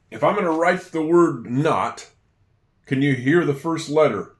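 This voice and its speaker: A man's voice: a little high, lively intonation, moderate pace, distant mic. A man giving a patient, step-by-step handwriting lesson, with a few self-deprecating asides. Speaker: teacher. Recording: echoey room, voice a bit off-mic.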